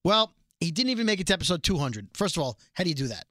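Brisk, bright-voiced male podcast host. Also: sits high, very animated, no room sound, studio quality. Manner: quick, chatty, reads aloud from a letter. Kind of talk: casual chat.

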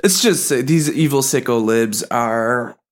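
A woman's voice: rumbling low, unhurried. A woman co-hosting a satirical comedy podcast, phlegmy and giggly, with a mock-outraged way of talking. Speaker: podcast co-host.

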